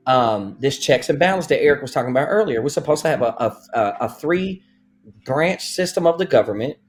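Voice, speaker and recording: A man's voice: medium pitch, animated, fairly quick, soft background music. A man co-hosting a podcast, arguing his point in casual commentary and acting out what he would say. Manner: argumentative, acts out speeches. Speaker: podcast co-host.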